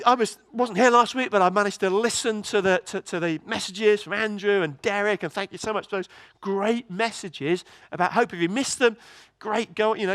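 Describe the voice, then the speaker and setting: A man preaching a sermon in a church, telling a story in a lively way with many restarts. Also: sits high, no room sound.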